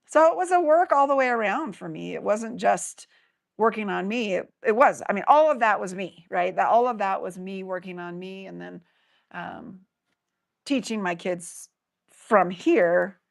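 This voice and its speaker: Earnest woman with a gravelly voice. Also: mid-range voice, animated, normal speed. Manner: earnest, reflective storytelling. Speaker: guest, life coach. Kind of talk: casual interview talk.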